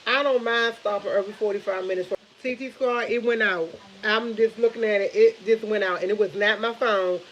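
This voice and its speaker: A woman's voice: medium pitch, fairly even intonation, brisk, hardly any pauses, fairly bright tone, low-quality recording. A woman chatting casually on a live stream, rambling and retelling conversations with family. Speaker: vlogger.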